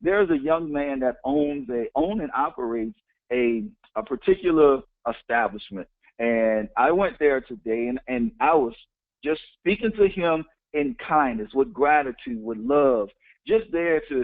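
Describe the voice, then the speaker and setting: A man's voice: mid-range voice, animated, a little slow, dry recording. A man giving a motivational talk. He speaks emphatically, repeats key phrases and counts off his points. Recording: tinny phone-like, dry sound.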